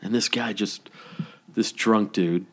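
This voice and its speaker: A man co-hosting a casual podcast chat, telling a story with lively, animated delivery and acting out what people said. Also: slow, slightly rough. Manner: animated storytelling, acting out quoted lines with big pitch jumps. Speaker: podcast co-host. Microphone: podcast microphone.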